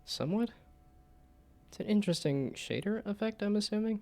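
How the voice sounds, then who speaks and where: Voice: medium pitch, animated, moderate pace, creaky, darkish tone. A VTuber streamer giving playful live commentary over a story game, slipping into mock-archaic phrases and laughing often.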